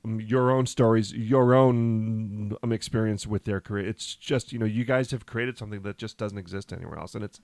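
A man's voice: on the low side, fairly even intonation, normal speed, hardly any pauses, darkish tone, no room sound. Casting: male podcast host, stammering and effusive, dry close recording. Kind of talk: casual chat.

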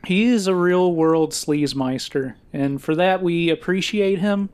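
Clear-voiced man laughing through chat. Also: high voice, measured pace, a little mellow. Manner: chatty storyteller, laughs often. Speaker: podcast co-host. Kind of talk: casual chat.

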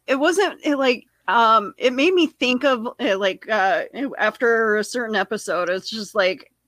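A woman's voice: fairly high pitch, measured pace, a bit bright, no echo. A woman on a podcast panel chatting casually and hesitantly, full of fillers and playful teasing. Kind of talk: casual chat.

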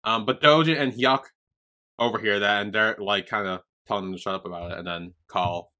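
A young man co-hosts a podcast, his voice lowish, steady, fairly quick and sharp in tone. He recaps a TV episode casually and rambles, swearing freely and acting out the characters' lines.

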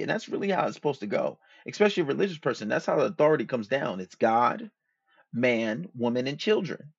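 A man's voice: medium pitch, animated, brisk, gravelly, husky, no room sound. A man hosting a podcast, talking casually about dating in a slangy, profane, loosely rambling way. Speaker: podcast host. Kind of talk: casual monologue, dating advice. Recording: dull lo-fi dry recording.

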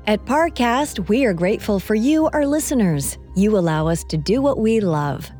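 A woman co-hosting a podcast, narrating history in a measured, scripted way. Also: medium pitch, expressive, warm tone, soft background music. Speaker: podcast co-host.

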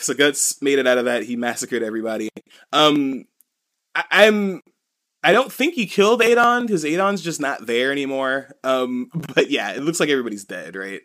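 A man's voice: medium pitch, a bit bright. Rambling, filler-heavy man on a podcast. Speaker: podcast co-host. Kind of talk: casual chat recapping a comic.

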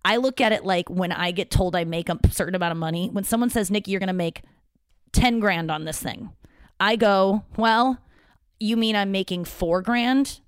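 A woman hosts a podcast in a casual solo monologue, rambling, poking fun at herself, and swearing now and then. Her lowish voice is clean-toned and fairly quick, captured in clean studio sound with no echo.

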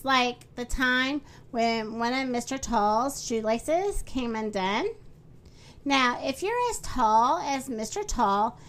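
A woman hosts a children's story podcast and reads the tale aloud. Her voice sits high, and she takes a slow, friendly pace. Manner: friendly, animated read-aloud.

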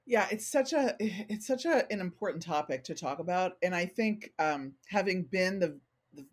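A middle-aged woman, an organizational consultant, speaks as a podcast guest in a casual interview, her voice on the low side at a moderate pace. She's candid and animated, acting out the remarks people make to her.

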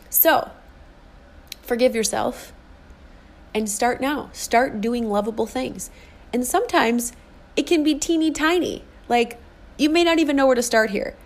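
A woman's voice: fairly high pitch, a little slow, pauses often. A woman in her forties, a life and fitness coach, giving an earnest motivational podcast monologue and repeating key phrases for emphasis. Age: 40s.

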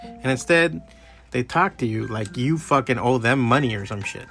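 A man's voice: medium pitch, normal speed, soft background music. A middle-aged man hosting a podcast alone, telling stories in a heated, profane rant. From Miami area. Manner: profane, heated, animated storytelling. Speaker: podcast host. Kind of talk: casual solo rant.

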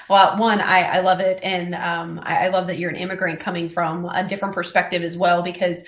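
A woman's voice: on the low side, level tone, a little fast, echoey room. A young woman with a Southern US accent, calling in to a political show and speaking frankly, swearing freely and laughing easily. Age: young adult. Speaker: caller. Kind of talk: casual political chat.

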